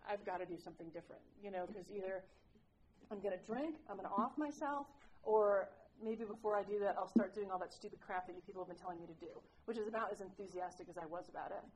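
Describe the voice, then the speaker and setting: A woman's voice: mid-range voice, fast, a little mellow, slight background noise, low-quality recording. A woman sharing her recovery story with a group, candid and self-mocking, rambling with lots of "like"s. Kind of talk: personal recovery share to a group.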